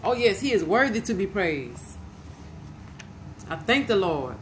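A woman's voice: medium pitch, very animated, a little slow, slight background noise, poor audio. A woman preaching an informal podcast sermon, fervent and emotional, repeating her praise.

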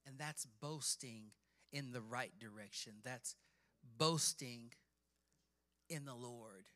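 A man preaching a sermon, reading scripture with dramatic emphasis and building from quiet passages to shouting. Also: medium pitch, slow. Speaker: pastor.

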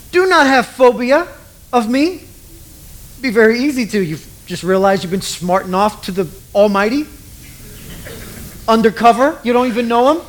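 A middle-aged man preaching a sermon in a casual, joking way, acting out the voices of the people he quotes. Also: very high voice. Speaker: pastor.

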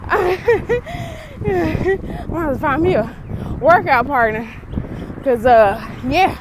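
With a high, lively voice at a slow pace, a woman gives informal, slang-filled preaching and repetitive rebuking prayer to her viewers. She is breathless after a workout, and the background is noisy.

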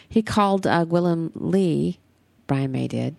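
A woman's voice: low-pitched, moderate pace, gravelly, dark tone, no echo. An American woman hosting a podcast, rambling and chatty in casual talk, swearing freely. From United States. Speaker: podcast host.

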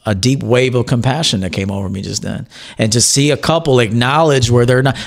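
Blunt, heartfelt male host. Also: medium pitch. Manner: blunt, heartfelt, slow emphatic repetition. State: a little teary. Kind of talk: reaction commentary.

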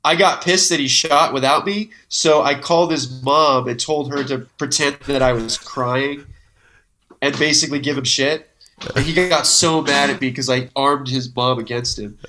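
Male guest, comedy creator, lively anecdotal storyteller, bright tone, casual and profane. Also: mid-range voice, moderate pace, a little hiss or hum. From Modesto, California. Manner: animated, swears freely, acts out quotes.

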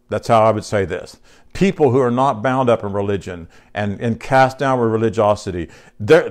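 A man preaches to his congregation in a folksy, conversational way. He reads scripture aloud and keeps turning to the room with questions. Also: medium pitch. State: short on sleep. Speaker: pastor. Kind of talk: sermon.

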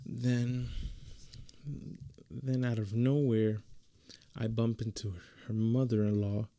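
A man's voice: medium pitch, little pitch movement, takes it slowly, dark tone, dry recording. A young man telling a story in a casual, slangy way, full of fillers and restarts.

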